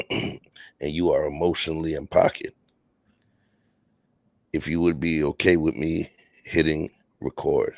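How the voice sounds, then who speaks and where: A man's voice: very deep voice, gravelly, dry recording. A man hosting a casual late-night podcast, laid-back and slangy, talking from home. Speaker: podcast host. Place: home, near a patio door.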